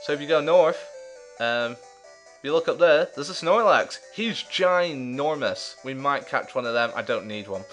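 A man's voice: mid-range voice, expressive, measured pace, fairly bright tone, soft background music. A man hosting a let's play, giving casual gameplay commentary with chatty, jokey, self-mocking asides.

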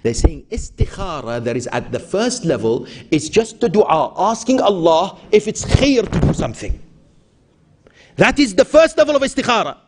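Man, sheikh, sermon, husky, animated pitch, storytelling, rhetorical questions. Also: moderate pace. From Iran. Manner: storytelling with voiced quotes, rhetorical questions to the audience. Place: mosque hall.

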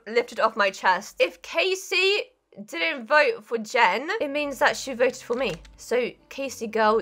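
Young woman, game commentary, bright high voice, very animated, faint music under it. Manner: excitable, dramatic, shrieks and laughs while playing. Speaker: gaming YouTuber. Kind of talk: Roblox gameplay commentary.

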